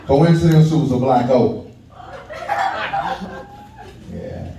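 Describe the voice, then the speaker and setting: A stand-up comedian from Kentucky, USA, runs a loose, conversational set at a small comedy venue, chatting with the crowd and laughing at his own jokes. His voice is medium-pitched and slow, with background noise. The room is echoey and the mic sounds distant.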